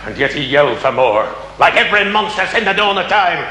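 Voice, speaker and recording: An actor playing a stern county magistrate who speaks to a jury in a declamatory, questioning manner, from a 1970s television drama. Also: male voice, a little high, sing-song, brisk, sharp tone. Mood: impassioned. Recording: echoey reverberant old film sound.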